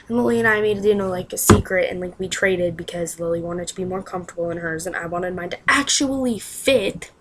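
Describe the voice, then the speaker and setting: A woman's voice: medium pitch, fairly even intonation, quick pace, hardly any pauses, noisy background. A young woman telling a personal story to camera in a casual, rambling way, with lots of "like" and exasperated asides. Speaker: vlogger.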